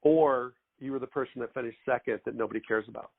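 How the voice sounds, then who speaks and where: A middle-aged man hosting a podcast, asking long, deliberate questions. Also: medium pitch, fairly even intonation, gravelly. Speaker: podcast host. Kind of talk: interview questions. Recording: tinny phone-like audio.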